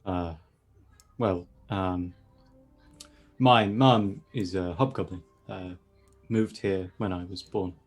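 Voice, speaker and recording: A man's voice: low-pitched, fairly even intonation, slow pace, pauses often, faint music behind. A man playing an easygoing young soldier who answers in a plain, offhand way.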